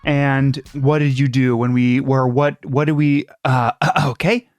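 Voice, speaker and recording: A man co-hosting a spooky podcast, joking and chatty, reading plugs and phone numbers slowly. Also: medium pitch, flat delivery, dry recording. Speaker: podcast co-host. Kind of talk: casual chat.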